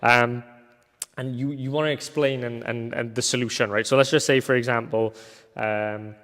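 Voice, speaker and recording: A man's voice: mid-range voice, steady tone, normal speed, a bit bright. Casual young male coach in a reverberant room. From Wales. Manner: casual, ends points with a tag question, thinks aloud with fillers. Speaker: agency coach. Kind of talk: recorded course lecture. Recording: long hall reverb.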